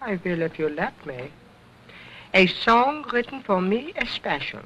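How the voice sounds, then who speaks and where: A man's voice: sits high, very animated, unhurried, a bit bright, slightly rough, voice pushed up, full character voice. A man voicing a cheeky little boy ventriloquist dummy, wisecracking in broken English, on a dull lo-fi old recording. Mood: sassy.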